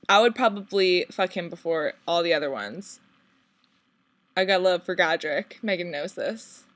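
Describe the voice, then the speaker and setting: With a mid-range, slightly bright voice and no room sound, a young vlogger on a shared channel fields viewer questions casually. She giggles, curses freely, and rambles, saying "like" constantly.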